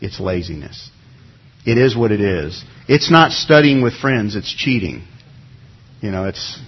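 A man's voice: fairly low pitch, lively intonation, measured pace, breathy edge, lo-fi sound. A middle-aged man, a pastor, preaching a sermon in a conversational way and acting out everyday excuses as little quotes.

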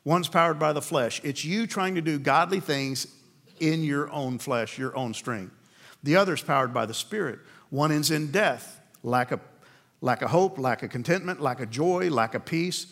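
Brief: male preacher, earnest sermon delivery, slightly higher voice, rhetorical pauses. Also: creaky, a bit bright. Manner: earnest, rhetorical questions, slows for emphasis. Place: room with a men's group.

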